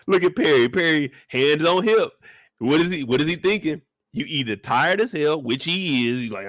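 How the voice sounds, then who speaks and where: Man reviewing a tv episode, casual, profane, high swooping voice, dry sound. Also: a little slow, pauses often, no echo. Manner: animated, slangy, profane, joking. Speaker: TV recap reviewer.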